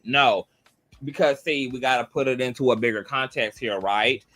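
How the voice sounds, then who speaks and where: A man's voice: medium pitch, normal speed, fairly bright tone. A man giving a heated, blunt commentary monologue, swearing freely and repeating his points for emphasis. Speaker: online commentator.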